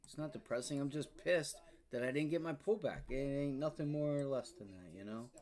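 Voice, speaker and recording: Male livestream trader, mid pitch, annoyed and muttering, talks straight to his viewers. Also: a little fast, darkish tone. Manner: frustrated, swearing, muttering to himself. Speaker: day trading livestream host. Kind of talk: live trading stream commentary.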